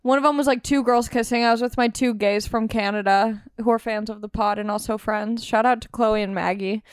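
A young woman hosting a podcast, chatting in a playful, teasing, quick-witted way. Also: a little high, fairly even intonation, clear, resonant tone, dry recording, clean studio sound. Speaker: podcast host. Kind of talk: casual comedic chat.

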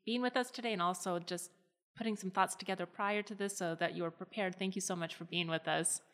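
A woman's voice: lowish voice, steady tone, brisk, a bit bright. A woman co-hosting a podcast, speaking reflectively and thoughtfully, laughing easily. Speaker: podcast co-host. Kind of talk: casual podcast chat.

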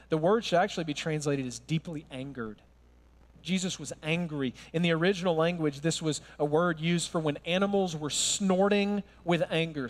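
High-voiced man preaching a casual sermon. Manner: conversational and humorous, with emphatic rises. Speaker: pastor.

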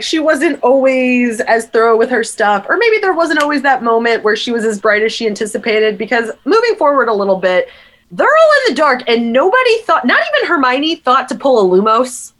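Woman co-host, high lively voice, expressive, exasperated book chat. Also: moderate pace. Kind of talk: casual book discussion.

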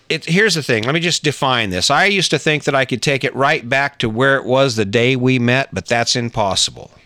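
Brief: middle-aged man, earnest relationship talk, bright tone, dry close sound. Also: mid-range voice, no echo. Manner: earnest, conversational, with frequent restarts and asides. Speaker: relationship advice speaker. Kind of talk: personal storytelling and advice monologue.

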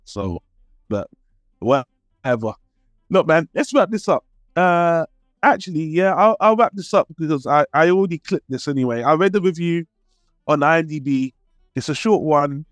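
A man's voice: fairly high pitch, expressive, moderate pace, no room sound, soft background music. A man with a British accent, co-hosting a film podcast in a laid-back, casual chat that is peppered with swearing. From Britain. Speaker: podcast co-host.

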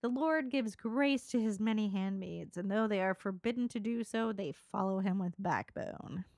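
A young woman co-hosting a podcast, telling history in a jokey, animated way with frequent laughter. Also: medium pitch, moderate pace, creaky, dry recording, clean studio sound. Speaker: podcast co-host. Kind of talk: casual chat.

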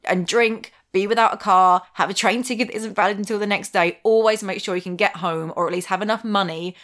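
A woman chatting casually, an animated storyteller who acts out what people said and laughs often. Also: mid-range voice, brisk. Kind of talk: casual chat.

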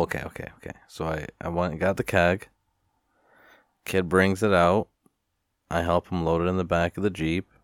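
Low-voiced man, rambling profane vlog rant, dry close sound. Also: no echo. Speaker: vlogger. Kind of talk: casual storytelling rant.

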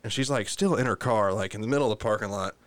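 A man's voice: lowish voice, fast, no echo. A young adult man telling a rambling, profane anecdote in casual chat.

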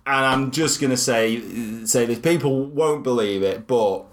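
Male co-host, mid-pitch, animated, laughs a lot. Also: a little slow. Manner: chatty, laughs often, animated storytelling. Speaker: podcast co-host. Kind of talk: casual chat.

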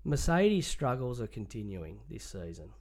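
Aussie bloke, sports podcast co-host, animated and jokey, casual banter. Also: male voice, on the low side, moderate pace. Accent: Australian. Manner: animated, jokey, lots of mate.

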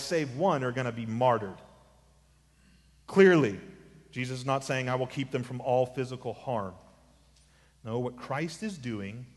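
Preaching man in a reverberant hall. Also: medium pitch. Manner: expository preaching, swings from quiet to emphatic; casual asides. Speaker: pastor. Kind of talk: sermon.

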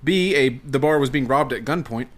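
A man's voice: mid-range voice, fairly quick. A man hosting a casual podcast quiz, reading out headlines and multiple-choice answers with silly rhyming intros and joking with his friends. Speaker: quiz host.

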